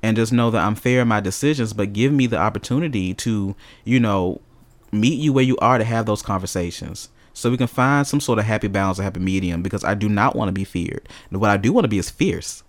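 Animated storyteller man, low voice. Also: a little fast. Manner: animated storyteller, swears freely. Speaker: podcast co-host. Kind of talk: casual chat.

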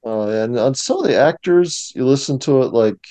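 Man explaining in a mellow, dry voice. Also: mid-range voice, moderate pace, no echo. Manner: knowledgeable, explanatory, steady. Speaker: museum curator, guest. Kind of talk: casual discussion.

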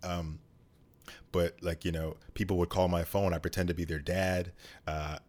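A man with a deep voice chatting casually as co-host, rambling with many fillers. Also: level tone, moderate pace, darkish tone. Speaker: podcast co-host. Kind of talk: casual chat.

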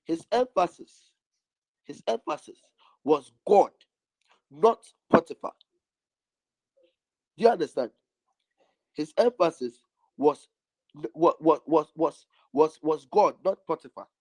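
A man's voice: on the high side, slow, pauses often, darkish tone, no room sound, poor audio. Emphatic male preacher, dry sound. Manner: emphatic, repeating lines for stress. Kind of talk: sermon.

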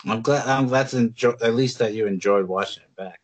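A man co-hosting a podcast in casual chat, chatty and quick to laugh between remarks. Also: mid-range voice, no room sound, lo-fi sound. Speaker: podcast co-host.

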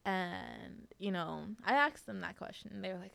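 A woman's voice: mid-range voice, moderate pace, creaky, a bit bright. A young woman hosting a podcast, telling a personal story in a casual, chatty way with lots of fillers. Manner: chatty, many fillers, laughs often. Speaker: podcast host.

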